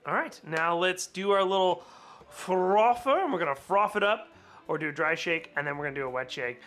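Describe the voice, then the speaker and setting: A man's voice: sits high, animated, brisk, fairly bright tone. A man hosting a casual cocktail-making vlog, chatty and laughing often with rambling asides, a little hungover. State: slightly hungover. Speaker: cocktail channel host.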